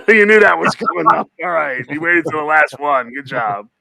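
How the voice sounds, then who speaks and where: A man's voice: on the high side, animated, normal speed, gravelly, pushed and bright, dry recording. A man hosting a comedy game show, laughing often as he calls on each player by name. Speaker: host.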